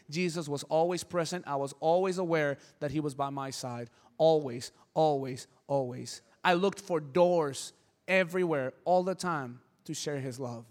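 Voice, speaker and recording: A man's voice: fairly high pitch, big-room sound. A man preaching a sermon with passion, repeating words for emphasis and telling stories. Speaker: pastor.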